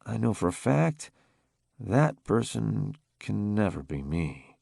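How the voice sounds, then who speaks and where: A man reading a romance audiobook in the first person, calm and intimate. His voice has a gravelly texture and a lively, varied pitch. It is recorded close and dry. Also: slow, no room sound. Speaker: audiobook narrator.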